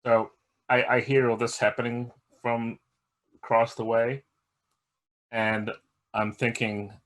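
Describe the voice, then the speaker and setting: A man's voice: mid-range voice, level tone, slow pace, a bit bright. A man who plays in a tabletop game and explains its rules in an earnest, explanatory way.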